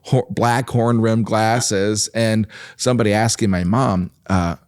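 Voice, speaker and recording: Man, lower voice, dry close sound. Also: steady tone, measured pace, no echo. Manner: warm storytelling with frequent laughs and fillers. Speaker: nonprofit president and guest. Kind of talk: relaxed conversational interview.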